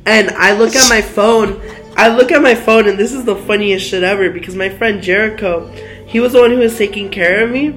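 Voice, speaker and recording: A man's voice: high-pitched, fairly quick, fairly bright tone. A young man, a podcast guest, telling casual stories full of slang and swearing. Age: young adult. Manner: slangy, swears, fills with "like" and "dude". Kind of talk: casual storytelling. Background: faint music.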